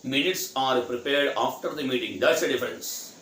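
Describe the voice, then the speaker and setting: A man's voice: mid-range voice, moderate pace, fairly bright tone. Man, from India, vocabulary teacher, spells letter by letter, roomy echo, light background noise. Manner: spells words letter by letter, asks and answers own questions. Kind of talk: spelling out and explaining words. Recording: echoey room, faint noise.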